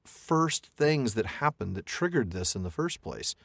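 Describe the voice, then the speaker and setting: A man's voice: mid-range voice, big pitch swings, unhurried, vocal fry, fairly bright tone, dry recording. A man co-hosting a podcast in a casual book discussion, thinking aloud and reading quotes with frequent restarts. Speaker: podcast co-host.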